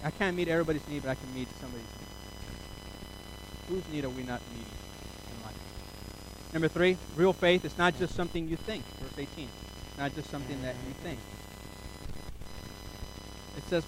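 A man's voice: a little high, noisy background. A male pastor preaching a sermon, telling stories animatedly and acting out his own thoughts. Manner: animated storytelling, acts out his own inner voice.

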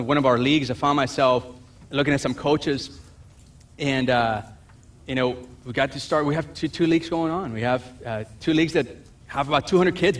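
A man preaching a sermon as pastor, animated, acting out the voices of people in the story and dropping to a quiet voice for asides. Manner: drops to a low, quiet voice for asides.

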